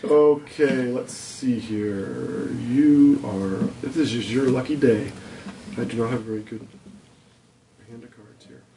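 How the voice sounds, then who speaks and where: Recorded from a distance in a roomy space with a faint background hum, a man leads a tabletop game as game master. His medium-pitched, mellow voice lays out the rules, then slows for rich scene narration.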